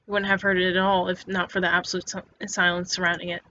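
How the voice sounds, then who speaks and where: A woman's voice: lowish voice, flat delivery, fast, pushed and bright, a little hiss or hum. A woman reading an interactive story game aloud in second person, stumbling and restarting words often. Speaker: narrator. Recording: dull lo-fi recording with faint music.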